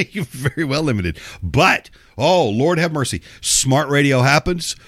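Sarcastic radio host with a cold. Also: male voice, mid-range voice, animated, a little slow, a bit bright, no echo, clean studio sound. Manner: sarcastic, profane, rambling with restarts. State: getting over a cold, coughing. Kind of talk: casual talk radio monologue.

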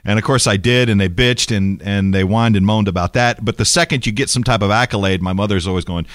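A male broadcast host chatting in a casual interview, talking quickly with repeated restarts. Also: fairly low pitch, a bit bright, no room sound, clean studio sound. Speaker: radio or podcast host.

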